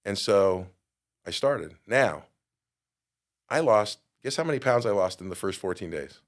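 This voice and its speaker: Middle-aged male guest, lowish voice, animated storyteller who acts out the quotes. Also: measured pace. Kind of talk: storytelling in a podcast interview.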